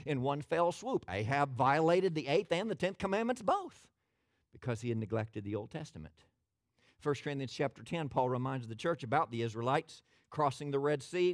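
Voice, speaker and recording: A man preaching a sermon as pastor, folksy and animated, asking his listeners questions. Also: on the high side, dry recording, studio quality.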